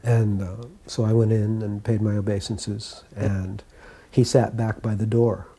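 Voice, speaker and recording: A man calmly telling stories from his years as a devotee, recounting memories in an unhurried way. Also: lowish voice, breathy edge. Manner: calm, unhurried anecdote telling. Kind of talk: reminiscing storytelling.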